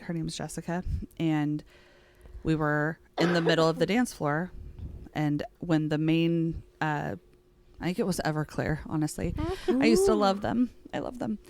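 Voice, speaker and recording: A woman's voice: low voice, creaky. A woman co-hosting a podcast, telling stories in casual chat and laughing often. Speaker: podcast co-host.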